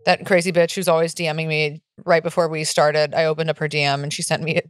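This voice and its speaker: A woman's voice: sits low, little pitch movement, fast talker, clean tone, no room sound. A woman co-hosting a podcast, chatting casually in a rambling, profane way on a close mic. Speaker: podcast co-host. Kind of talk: casual chat.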